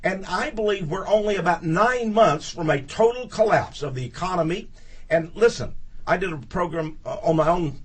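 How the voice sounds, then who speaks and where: A man's voice: fairly high pitch, breathy edge. A man speaking as a guest on a studio talk radio show, emphatic and indignant, repeating words for stress.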